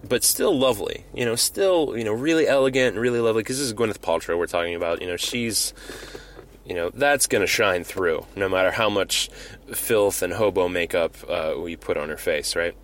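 Low-voiced man pitching a movie idea. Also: a little fast. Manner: rambling, many fillers and restarts. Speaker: podcast host. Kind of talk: casual comedic storytelling.

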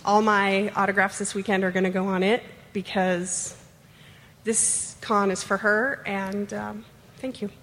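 A woman tells a heartfelt story, pausing and restarting as she goes. Her voice rings with a long hall reverb over faint background noise. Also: medium pitch, little pitch movement. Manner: heartfelt, halting. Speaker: audience member at a fan panel. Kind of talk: emotional personal story. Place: convention panel room.

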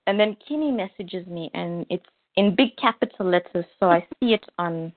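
With a lowish voice and moderate pace, a woman co-hosting a casual podcast tells animated stories and acts out people's lines. The recording is dry yet tinny, like a phone call.

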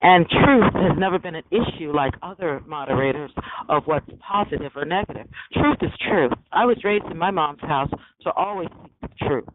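A man hosting a call-in podcast, talking in an emphatic, preachy way and often asking "okay?". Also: sits high. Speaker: podcast host. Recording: tinny phone line with faint hiss.

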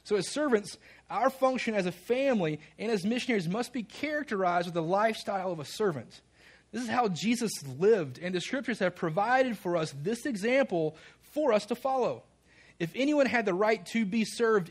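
A man with a fairly high voice preaches a sermon from the pulpit. He reads scripture passages aloud and calls out questions for the congregation to answer back. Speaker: pastor.

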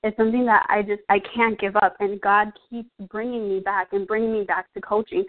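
A young woman talks through her own story as a coach, earnest and close to tears, with lots of "like" and "um". Her voice sits at a middle pitch. It comes through thin and tinny, like a phone line. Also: steady tone, a little fast. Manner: earnest, emotional, fillers like "like" and "um". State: out of breath. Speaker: fitness coach. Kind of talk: personal testimonial.

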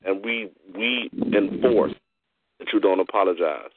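A man hosting an online poetry cypher, praising performers warmly and at length. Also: sits low, measured pace, breathy edge, no room sound. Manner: effusive, repetitive praise. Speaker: host. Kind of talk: casual chat. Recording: tinny phone line.

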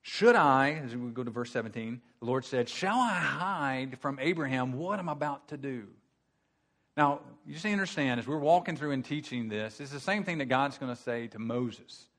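A man preaching an expository sermon in a conversational way, asking rhetorical questions and building to forceful emphasis. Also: mid-range voice, animated, moderate pace.

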